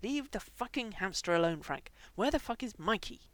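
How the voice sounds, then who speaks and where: A woman's voice: mid-range voice, fairly quick, dry recording, close to an everyday voice. A woman doing a cold, guarded young man. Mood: shouting. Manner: loud, forceful outbursts.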